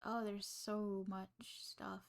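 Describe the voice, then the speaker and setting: A woman's voice: medium pitch, level tone, takes it slowly, gravelly, clear, resonant tone. A young woman, livestreaming casually while she studies, rambling to her chat and reading notes aloud into a desk microphone. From Australia.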